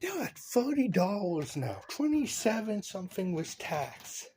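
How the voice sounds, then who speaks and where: A man ranting casually to his camera, rambling from point to point and laughing at his own jokes. His pitch swoops up and down a lot as he gets worked up. A faint hiss sits under the voice. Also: very animated, a little slow, dark tone. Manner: rambling, joking, opinionated, laughs at own lines. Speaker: vlogger. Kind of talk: casual opinion rant to camera.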